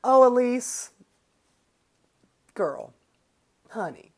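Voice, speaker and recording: A woman's voice: fairly low pitch, expressive, measured pace. A woman hosting her own political commentary show, ranting casually with sarcasm and swearing.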